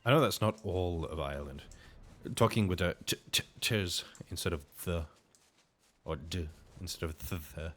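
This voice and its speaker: A man's voice: deep voice, moderate pace, fairly bright tone. A man casually commenting while he plays a game, chatty and self-interrupting. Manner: chatty, self-interrupting, playful about accents. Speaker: game streamer.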